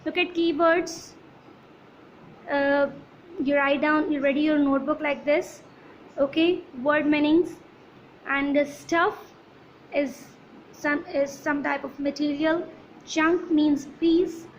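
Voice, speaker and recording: A woman teacher, reading a children's poem aloud in a slow, sing-song way with puffing sounds, and explaining words to her students. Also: high voice, steady tone, a little hiss or hum, low-quality recording. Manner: addresses students as beta.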